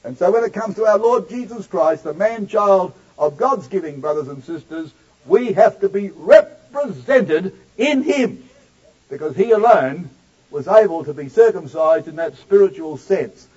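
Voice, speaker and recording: A male preacher delivering a sermon, addressing the congregation directly and slowing down to stress key words. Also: high voice, expressive, a little mellow, husky, muffled recording.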